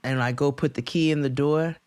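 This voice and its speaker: A man co-hosting a podcast, telling a long story in casual chat, acting out quotes in high voices and laughing often. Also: fairly even intonation, a little fast, darkish tone, smooth, no room sound. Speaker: podcast co-host.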